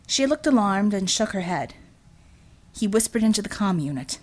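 A woman narrating an audiobook in an expressive, animated storytelling manner. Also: medium pitch, normal speed.

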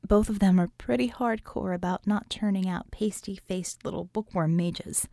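A woman's voice: medium pitch, normal speed, gravelly, dark tone, no room sound, studio quality, natural voice. A woman reading an audiobook, voicing a frank, tough young woman mage who talks in a chatty, offhand way.

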